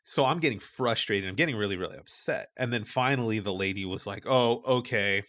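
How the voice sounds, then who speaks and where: Lively man telling a story. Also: on the low side, fairly quick. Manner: animated storyteller, acts out quoted people. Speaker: podcast co-host. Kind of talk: casual storytelling chat.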